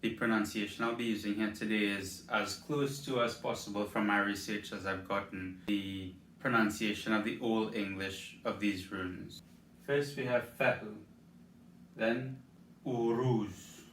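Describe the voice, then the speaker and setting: Man, lowish voice, careful slow enunciation, casual tutorial tone; recorded far off in an echoey room with faint hiss. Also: fairly even intonation, a bit bright. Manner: slow, careful enunciation of each word, with light self-deprecating asides. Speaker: rune pronunciation guide creator. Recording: roomy echo, distant from the mic, faint background hiss.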